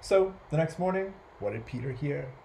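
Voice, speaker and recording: A man's voice: a little high, normal speed, vocal fry, poor audio. Playful man reading a kids' story. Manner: animated, playful, with animal and noise sound effects. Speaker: library storyteller. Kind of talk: children's story read aloud.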